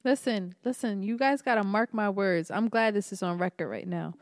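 A woman's voice: mid-range voice, moderate pace, no room sound, clean studio sound. A young woman co-hosting a casual podcast chat, teasing her friend with bold, playfully provocative remarks. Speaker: podcast co-host.

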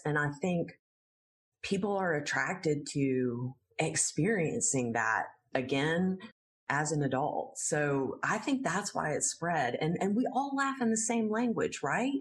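Earnest woman yoga teacher explaining. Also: low-pitched. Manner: earnest, explains patiently, laughs easily. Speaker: laughter yoga teacher, interview guest. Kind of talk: explaining in an interview.

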